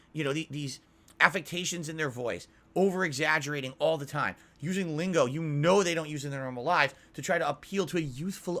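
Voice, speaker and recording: Exasperated ranting man, fairly high voice. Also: sharp tone. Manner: exasperated, repetitive, swearing. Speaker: YouTuber. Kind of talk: ranting monologue.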